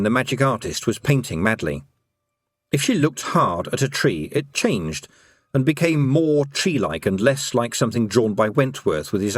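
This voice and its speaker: A man with a medium-pitched voice narrates an audiobook expressively, like a storyteller. The recording is studio quality, with no room sound.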